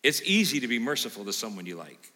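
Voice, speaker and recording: Bright-voiced pastor in a reverberant sanctuary. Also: male voice, mid-range voice, fast talker. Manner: animated, plays out imagined listener lines, quizzes the congregation. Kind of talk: sermon. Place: church sanctuary. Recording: long hall reverb.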